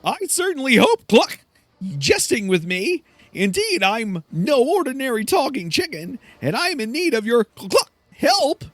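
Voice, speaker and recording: A cursed chicken mage. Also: male voice, extremely high pitch, very animated, measured pace, no room sound, pitched above the performer's own voice, exaggerated voice. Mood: pompous. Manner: squawking clucks interrupting his speech. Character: flustered male chicken mage, cursed, pompous. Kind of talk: video game voice acting.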